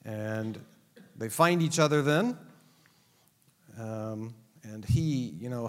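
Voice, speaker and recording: Taking it slowly and pausing often, a man with a mid-range voice explains a Bible text to a live class. The talk is a classroom lecture full of jokes and teasing aimed at his listeners, recorded with long hall reverb.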